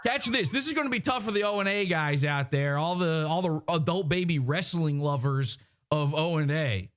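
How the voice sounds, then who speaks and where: A man hosting a podcast livestream, sitting a little high in pitch for a man. He rants with wide swings up and down, mocking as he goes. He keeps dropping into quick impressions. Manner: animated, mocking, slips into impressions. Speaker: podcast host. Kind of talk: ranting livestream commentary.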